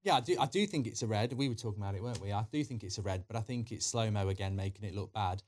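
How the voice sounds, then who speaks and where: A man's voice: fairly low pitch, rapid-fire, a little mellow. A man co-hosting a football chat, joking and laid-back.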